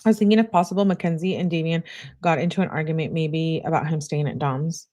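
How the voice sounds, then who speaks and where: A young woman reading out text messages aloud, adding quick asides of her own. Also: deep voice, fairly even intonation, dark tone. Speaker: true crime commentator.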